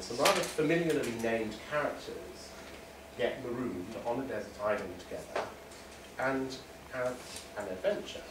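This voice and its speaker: A man's voice: mid-range voice, normal speed, background noise. A man teaching a literature lesson to a class, chatty with wry asides. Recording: echoey classroom from far off.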